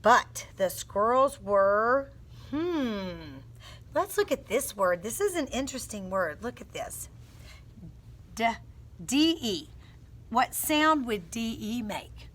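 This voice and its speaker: A woman teacher reads a storybook to little kids in a slow, unhurried way, stopping to sound out words with them. Her voice is bright and a bit high, expressive and encouraging. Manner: expressive storytelling with phonics coaching. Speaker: teacher reading aloud. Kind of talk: read-aloud lesson for young children.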